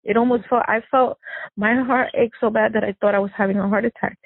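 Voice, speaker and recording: A woman recounting a painful family loss in an emotional interview, halting and distressed with many restarts. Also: on the high side, steady tone, slightly rough, no echo. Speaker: victim's sister recounting events. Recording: narrow phone-line audio, dry.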